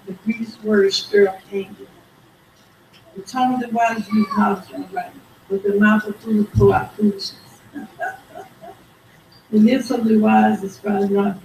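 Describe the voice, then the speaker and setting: A woman's voice: medium pitch, slight background noise. Woman teaching Bible study, far from mic. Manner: animated, calls for amen, reads scripture aloud. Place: church room. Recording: roomy, distant mic, faint background.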